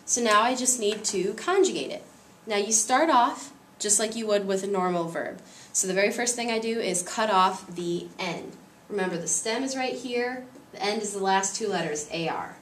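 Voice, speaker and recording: A woman's voice: mid-range voice, moderate pace, echoey room, recorded from a distance, a little hiss or hum. A woman teaching a Spanish grammar lesson, patiently explaining each step.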